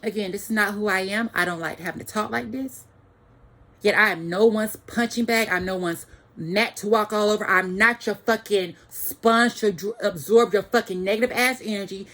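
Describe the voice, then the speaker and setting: A woman's voice: mid-range voice, normal speed, a bit bright. A woman giving an angry, profane ranting monologue to the camera, repeating phrases for emphasis.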